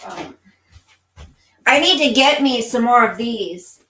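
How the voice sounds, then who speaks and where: Slow-talking woman chatting with her livestream. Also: fairly high pitch, expressive, bright, forceful tone, husky. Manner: chatty, answers chat comments by name. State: unwell, tired. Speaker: livestream host reading viewer comments. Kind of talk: casual livestream chat.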